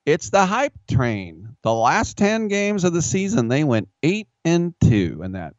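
This sports radio host's voice sits a little high and swings widely in pitch, though his pace stays measured. He rambles through self-mocking stories in casual talk, recorded with a dull, dry studio sound.

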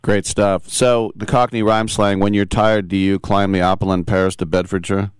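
A man's voice: deep voice, level tone, normal speed, clean tone, dry recording. A man interviewing a guest, asking rambling and curious questions. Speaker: interviewer, host. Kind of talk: interview conversation.

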